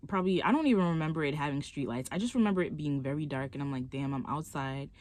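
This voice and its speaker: A woman's voice: sits low, fast, no room sound. Chatty young woman telling a story. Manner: animated, chatty storytelling with lots of "like". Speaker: vlogger. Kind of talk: casual storytime.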